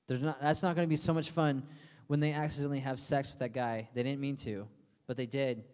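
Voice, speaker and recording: In a long, echoing hall, a young man preaches to the youth group he pastors, his tone steady, his pace brisk, and his medium-pitched voice a touch mellow. The talk is relaxed and full of fillers and playful digressions, with impressions of his friends thrown in for humor.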